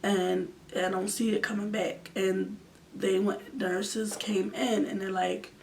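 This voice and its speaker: Earnest young woman with gravelly fry. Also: mid-range voice, level tone, slow. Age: 20s. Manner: earnest, drops to near-whisper at times. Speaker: vlogger. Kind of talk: emotional storytime. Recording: distant mic with faint background noise.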